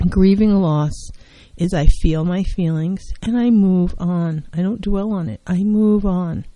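A woman's voice: medium pitch, mellow, no echo, rough recording. A woman therapist giving an earnest self-help talk on mental health, driving her points home by repeating key phrases.

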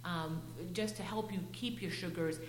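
A woman's voice: on the low side, normal speed, slight background noise. Woman counselor explaining in a roomy space. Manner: explanatory, reassuring, asks checking questions. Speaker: nutrition counselor. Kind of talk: casual counseling chat.

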